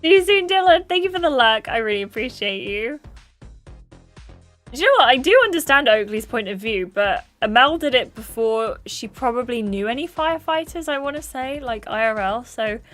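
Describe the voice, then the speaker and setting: A woman's voice: a little high, fairly bright tone. A woman streaming a story game, reading its dialogue aloud and chatting with her viewers, often apologizing for her slips.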